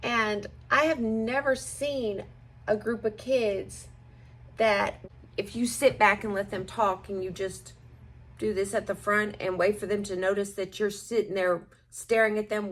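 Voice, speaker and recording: A woman's voice: mid-range voice, fairly bright tone. A woman teacher chatting at home while getting ready, rambling and self-deprecating with occasional laughs. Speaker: schoolteacher. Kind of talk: casual get-ready-with-me chat.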